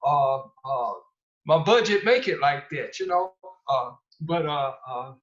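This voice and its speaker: A man presenting at a gardening workshop, talking haltingly with many fillers and polite "yes ma'am"s. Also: a little high, expressive, fairly bright tone. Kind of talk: casual explanation. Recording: dull lo-fi audio.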